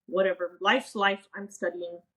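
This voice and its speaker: A woman's voice: medium pitch, steady tone, normal speed, a bit bright, low-quality recording. Woman, thirties, podcast co-host, candid storytelling, emotional and earnest, chatty. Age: 30s. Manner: emotional, earnest, quotes herself and others in a casual chatty way.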